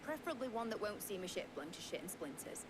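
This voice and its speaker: A woman's voice: medium pitch, big pitch swings, quick pace, very noisy, lightly acted. An actress playing a brash young female ship captain, cheeky and blunt.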